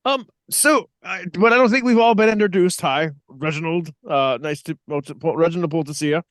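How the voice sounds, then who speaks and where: Hesitant, slightly high-voiced man at a tabletop game. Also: moderate pace, no room sound. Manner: hesitant, stumbling restarts. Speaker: player. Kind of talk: in-character tabletop role-play.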